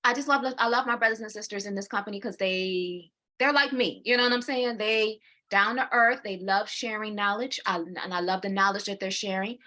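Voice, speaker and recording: A bright, lively woman in her forties chats casually as co-host, her tone crisp and forward. She repeats words as she gathers her thoughts. She laughs often and acts out her own inner voice mid-sentence. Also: mid-range voice, brisk. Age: 40s. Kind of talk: casual chat.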